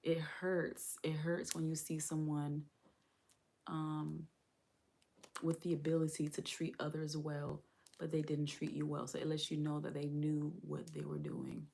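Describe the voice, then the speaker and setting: Low, mellow woman chatting casually on a live stream. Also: level tone, unhurried, gravelly. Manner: chatty and candid, addresses viewers as "y'all". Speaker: livestream host; parent.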